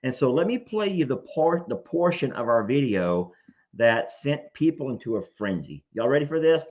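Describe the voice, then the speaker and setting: A man hosting a casual live show, telling stories in an animated way, often laughing. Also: mid-range voice, normal speed. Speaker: host. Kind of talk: casual livestream chat. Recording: dull lo-fi stream audio.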